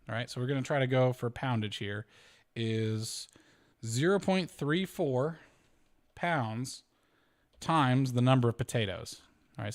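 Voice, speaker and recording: Man thinking aloud over a spreadsheet. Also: creaky. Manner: thinks aloud, self-correcting, chuckling, pitch swinging up and down. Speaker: homesteading channel host. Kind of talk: casual spreadsheet walkthrough.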